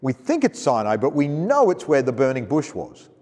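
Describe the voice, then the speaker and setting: Male pastor, Australian accent, chatty sermon, lively pitch, reverberant church hall. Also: moderate pace. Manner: conversational, asks the congregation questions; chuckles while reading scripture aloud. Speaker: preacher.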